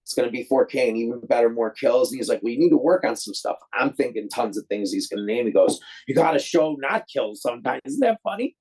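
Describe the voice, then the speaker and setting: Husky rambling man telling a story. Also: mid-range voice, lively intonation, fast, few pauses, a little mellow, rough recording. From Detroit, USA. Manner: rambling, acts out quoted voices; loose, many fillers and restarts. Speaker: guest filmmaker. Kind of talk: casual storytelling.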